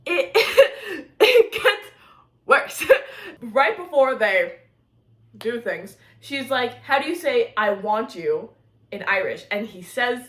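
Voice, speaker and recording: Gushing young woman in an echoey room. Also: a little high. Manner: excitable, gushing, drifts into giggles and squeals. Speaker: book vlogger. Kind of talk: casual reading vlog chat.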